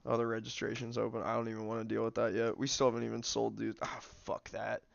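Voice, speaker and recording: A man's voice: mid-range voice, flat delivery, quick pace, vocal fry, highs cut off. A young man streaming a game, chatting casually with lots of fillers while he snacks. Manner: rambling, filler-heavy, snacking while talking. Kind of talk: casual livestream commentary.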